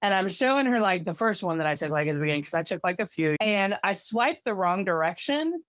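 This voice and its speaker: A woman's voice: mid-range voice, lively intonation, fairly quick, no echo. A woman co-hosting a podcast in casual chat, telling long rambling stories, peppered with "like" and casual swearing. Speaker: podcast co-host.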